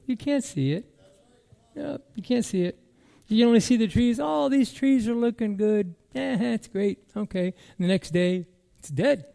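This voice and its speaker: Emphatic high-voiced male pastor. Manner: emphatic, repeats key words, swings from loud declarations to quiet musing. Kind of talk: sermon.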